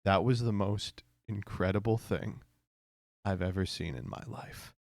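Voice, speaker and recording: A man streaming, reacting to posts in a casual, animated way, laughing often and swearing. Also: lowish voice, unhurried, gravelly, no echo, clean studio sound.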